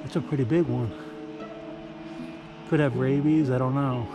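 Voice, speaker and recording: Slow-talking man vlogging with music. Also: medium pitch, steady tone. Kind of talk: casual outdoor vlog. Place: outdoors in a backyard. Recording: clear music under the voice.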